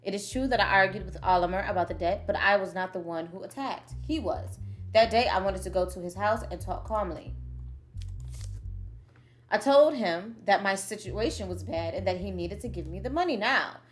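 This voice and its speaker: A woman reading aloud in a plain, steady voice as a defensive male defendant giving his statement in a game. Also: medium pitch, normal speed, soft background music, close to an everyday voice.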